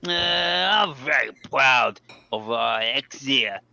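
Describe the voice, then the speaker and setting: A man voicing a French racing driver in a put-on French accent, reading haltingly with drawn-out words. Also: medium pitch, animated, creaky, sharp tone, lo-fi sound, heavily acted. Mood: hammy.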